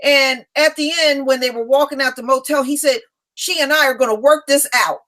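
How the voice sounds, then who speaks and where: Chatty woman host, slightly high voice. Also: fairly bright tone. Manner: chatty storyteller, lifts pitch to act out quotes; quick affirming backchannel. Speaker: live stream host. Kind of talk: casual chat.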